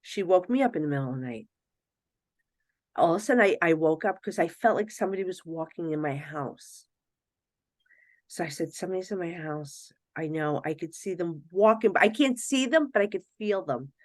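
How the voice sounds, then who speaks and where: A middle-aged woman, a psychic medium guest on a podcast, telling stories in a casual, animated way, often acting out other people's voices and laughing. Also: lowish voice, brisk, no room sound. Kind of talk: casual storytelling in a podcast interview.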